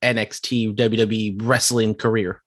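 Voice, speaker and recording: A man's voice: on the low side, flat delivery, normal speed, no room sound. Dry-voiced, wry male podcast co-host. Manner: wry, sarcastic asides. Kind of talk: casual wrestling podcast chat.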